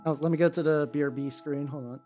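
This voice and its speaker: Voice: mid-range voice, fairly even intonation, fast, dark tone. A streamer chatting casually on a livestream while painting miniatures, rambling with many restarts and some swearing. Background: faint background music.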